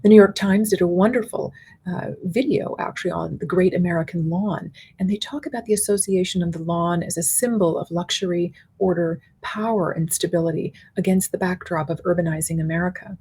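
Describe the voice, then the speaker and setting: A middle-aged woman and university professor giving a conference keynote lecture, articulate and measured, building her points in spoken lists. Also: fairly low pitch, fairly even intonation, dark tone, slight background noise.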